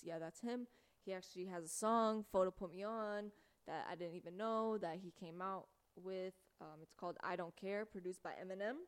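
A woman's voice: fairly low pitch, smooth. A young woman from the United States, hosting a radio show and talking casually, rambling with lots of filler words. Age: young adult. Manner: chatty, rambling, lots of "like" and "you know".

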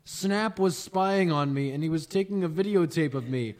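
A man reading aloud in a comedic dramatic reading, mostly deadpan, with wry asides. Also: fairly high pitch, normal speed.

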